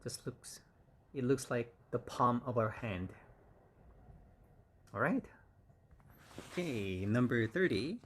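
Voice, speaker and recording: A man teaching English vocabulary, saying each word slowly and repeating it several times. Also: medium pitch, big pitch swings, a bit bright. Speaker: English instructor. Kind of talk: vocabulary lesson.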